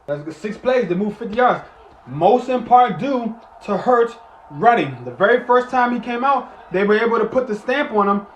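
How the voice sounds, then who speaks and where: A man giving live play-by-play and reaction to a football game, excitable, swinging from muttering to shouting and cussing, talking while eating. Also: high voice, moderate pace, reverberant, muffled recording.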